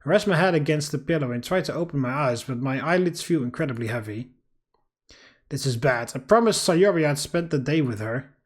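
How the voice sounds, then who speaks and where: A man hosting a game playthrough, reading the story aloud in a steady, dramatic way with casual asides. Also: on the high side, a little fast. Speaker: let's play host. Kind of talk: reading a visual novel aloud.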